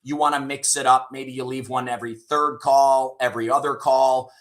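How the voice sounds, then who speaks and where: In storytelling interview talk, a middle-aged sales leader speaks candidly as a guest, swearing casually and frequently ending with "right?". His mid-range voice is a bit bright, shows little pitch movement, and keeps a moderate pace.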